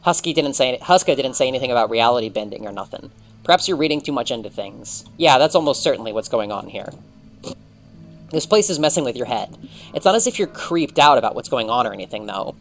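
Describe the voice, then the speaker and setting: A man reading a visual novel aloud, narrating in the second person with wry, expressive delivery. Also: medium pitch, fairly quick, soft background music. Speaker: let's read narrator.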